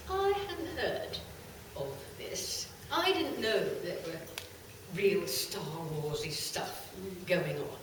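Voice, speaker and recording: A middle-aged woman telling stories to a live audience in a lively, animated way. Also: mid-range voice, a little hiss or hum. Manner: lively, animated storytelling with bursts of laughter. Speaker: channeler giving a talk. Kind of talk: storytelling talk to a live audience. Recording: very echoey hall, voice far off.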